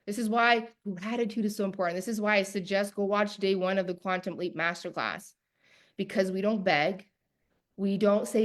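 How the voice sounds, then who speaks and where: A woman's voice: mid-range voice, steady tone, moderate pace. A woman coach teaching a live online masterclass in an emphatic, preacher-like cadence, repeating key phrases and talking straight to her viewers. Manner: talks directly to viewers.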